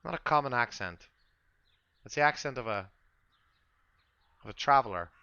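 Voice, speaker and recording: A man voicing a guarded, gruff father who travels with a painted cart, speaking curtly to strangers. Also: medium pitch, lively intonation, normal speed, sharp tone, no room sound, muffled recording. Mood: suspicious.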